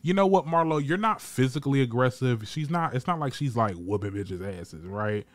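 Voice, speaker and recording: A man's voice: mid-range voice, normal speed, no echo. A man recapping a reality TV episode in casual commentary, sassy and blunt, swearing freely and acting out what the cast said. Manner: animated, acts out quoted lines. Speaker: reality TV reviewer.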